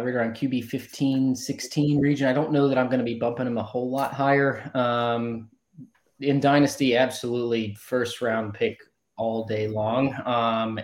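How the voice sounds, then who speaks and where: A man appearing as a podcast guest, giving measured football opinions with frequent hedging fillers. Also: medium pitch. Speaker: guest analyst. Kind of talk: casual podcast analysis. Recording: echoey room.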